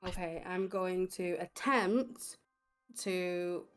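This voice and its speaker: A woman's voice: on the low side, extremely slow, clean tone, soft background music. A woman playing a tabletop game, stating her character's actions bluntly and swearing freely. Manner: blunt and profane, states actions firmly. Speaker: player. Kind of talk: casual tabletop game talk.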